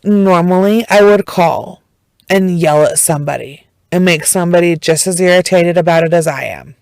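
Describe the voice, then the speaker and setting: A woman's voice: lowish voice, moderate pace, gravelly, darkish tone, no echo, poor audio. A young woman hosting a podcast, ranting in a casual, profane, rambling way with frequent restarts. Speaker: podcast host.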